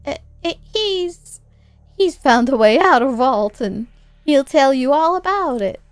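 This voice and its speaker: A woman's voice: high-pitched, animated, unhurried, no echo. A woman voicing a worried, protective older mother, reading game dialogue aloud in a raised, pleading voice. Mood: coaxing.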